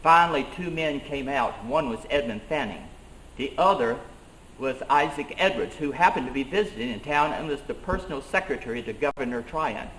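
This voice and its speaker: A man's voice: medium pitch, lively intonation, moderate pace, a bit bright, slight background noise, lightly acted. A man as an indignant colonial rebel leader. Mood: earnest. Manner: earnest, emphatic storytelling that rises on grievances. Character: 18th-century colonial schoolmaster turned rebel leader, male, indignant. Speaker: living-history reenactor. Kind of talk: first-person historical reenactment monologue. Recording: roomy echo.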